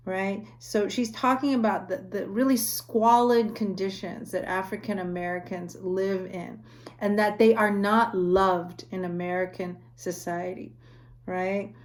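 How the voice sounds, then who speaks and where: A woman's voice: mid-range voice, fairly even intonation, measured pace. A woman lecturing on a book in a conversational way, often checking in with "right?" and reading passages aloud. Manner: reads quoted passages aloud. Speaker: university lecturer. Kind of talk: recorded lecture.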